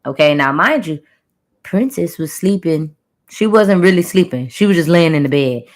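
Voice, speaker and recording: A woman with a fairly low voice tells a channeled story to her viewers in loose, chatty talk. She keeps it conversational and playful, with sound-effect words tossed in along the way. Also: lively intonation, moderate pace. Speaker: spiritual reader telling a channeled story.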